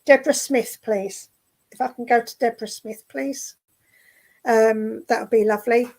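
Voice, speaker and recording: A woman working as a spiritualist medium in an online service, speaking gently and affectionately, with many fillers and restarts. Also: fairly high pitch, steady tone, moderate pace, rough recording. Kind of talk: clairvoyant readings in an online service. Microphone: video call.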